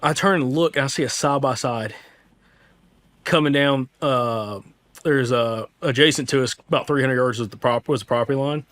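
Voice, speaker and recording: A man's voice: medium pitch, moderate pace, a bit bright. A young man from Alabama, a hunting podcast host, casually retelling a hunt in a rambling way with quoted dialogue. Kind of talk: casual storytelling.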